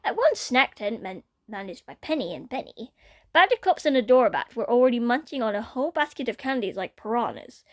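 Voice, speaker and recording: A woman reading a fan-written story aloud in an expressive way. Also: on the high side, a little fast.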